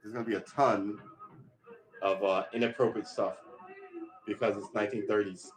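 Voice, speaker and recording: A man's voice: on the low side, fairly even intonation, normal speed, faint music behind. A man casually commenting on an old movie during a livestream, talking in a rambling, chatty way and often stopping to correct himself. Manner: rambling, chatty, self-interrupting. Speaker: livestream host.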